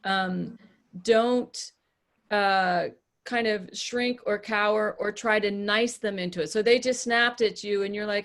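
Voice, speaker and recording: A woman coaching a small group on a podcast, plain and direct. She speaks at a middle pitch in a firm, matter-of-fact way. She often acts out short examples as she goes. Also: fairly even intonation, takes it slowly, fairly bright tone. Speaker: podcast host and relationship coach.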